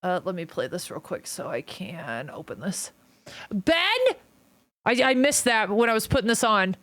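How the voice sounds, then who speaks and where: A woman's voice: medium pitch, moderate pace, fairly bright tone. A woman livestreaming and chatting casually with her viewers, playful and teasing as she jokes around. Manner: playful, teasing, joking with chat. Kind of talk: casual live-stream chat.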